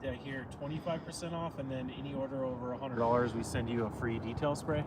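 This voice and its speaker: A man's voice: medium pitch, steady tone, quick pace, far from the mic, heavy background noise. A man hosting a live product demo outdoors beside a car, talking loosely with many fillers, recorded on a phone's camera audio. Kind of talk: casual livestream how-to talk. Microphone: phone camera audio, no wireless mic.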